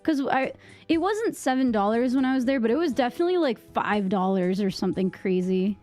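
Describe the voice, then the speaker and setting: A woman's voice: a little high, lively intonation, a little fast, a little mellow, soft background music. Chatty young woman with a Boston accent. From Massachusetts. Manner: rambling, many fillers and restarts. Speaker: live streamer. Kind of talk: casual chat with stream viewers. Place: at home. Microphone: microphone on a boom arm.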